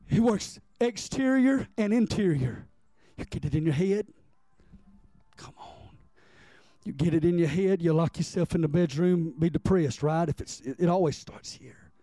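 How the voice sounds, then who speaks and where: Man, pastor, sermon, high warm voice, dry sound, animated, stammering repeats. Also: measured pace, no echo.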